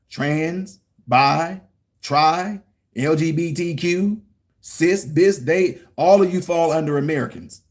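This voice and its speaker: Animated middle-aged man preaching to his chat. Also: on the high side. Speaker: political commentary streamer. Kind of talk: live-chat political commentary.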